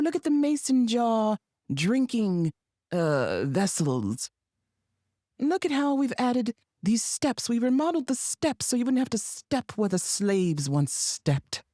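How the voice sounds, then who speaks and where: A woman's voice: on the high side, warm tone, no echo, clean studio sound, pitched above the performer's own voice, heavily acted. A woman voicing a sugary hostess showing off a plantation venue, in a mock-sweet, salesy put-on accent.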